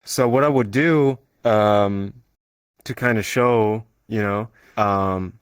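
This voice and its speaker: A man who is a guest on a casual podcast, telling stories in a relaxed way with frequent fillers. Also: fairly low pitch, slow, clean tone, dry recording. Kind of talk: casual chat.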